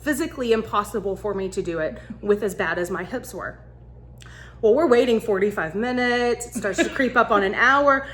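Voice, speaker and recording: A woman casually telling a funny travel story, animated and laughing as she acts out what people said. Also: mid-range voice, fairly quick. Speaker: vlogger.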